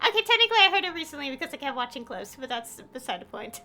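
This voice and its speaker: A woman's voice: high-pitched, very animated, fast talker, hardly any pauses, bright, forceful tone, soft background music. A woman streaming a video game, giggling and gushing about her favorite characters. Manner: giggly, gushing fan reactions. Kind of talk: live game stream commentary.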